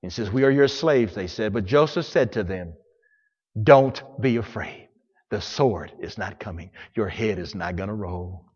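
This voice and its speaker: A male pastor preaching a sermon, dramatic, swinging between loud declarations and hushed passages. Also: lowish voice, unhurried, breathy edge, in a large hall, highs cut off.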